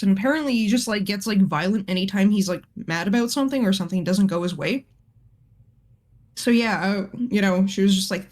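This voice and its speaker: A woman's voice: a little high, fairly quick, a little mellow. A woman, an art teacher, casually telling a story to friends, chatty and swearing freely with lots of fillers.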